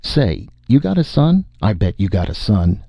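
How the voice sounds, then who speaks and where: Casting: a man playing a giddy, slurring drunk spacer, raised pitch, gravelly and husky. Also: lively intonation, moderate pace, no echo. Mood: rambling. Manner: loud, rambling, giddy. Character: drunk, boisterous male spacer just back to Earth.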